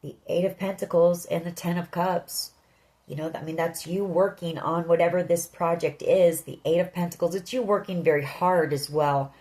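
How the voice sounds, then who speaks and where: A woman's voice: on the low side, fairly even intonation, moderate pace, a little mellow, rough recording. A woman giving a tarot reading, speaking earnestly and directly to the listener. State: emotional. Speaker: tarot reader.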